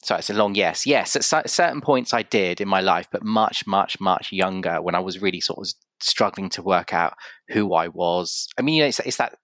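A man's voice: low voice, moderate pace, a bit bright, dry recording. A man with an English accent, hosting a casual podcast interview, talking reflectively with frequent restarts and acted-out quotes. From Yorkshire, England. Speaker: podcast host.

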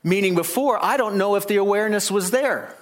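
A man preaching a sermon, animated, rising loud and high to make his points. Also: a little fast.

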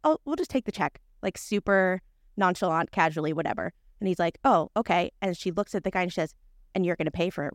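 Woman, podcast co-host, casual storytelling, lower voice, dry close mic. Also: no echo. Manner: chatty, many fillers and restarts.

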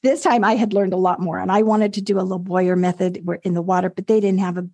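An older woman, a lactation consultant, telling birth stories in a casual interview, animated and laughing often as she acts out what others said. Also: medium pitch, quick pace, no room sound. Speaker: guest, lactation consultant and mother. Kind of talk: casual storytelling.

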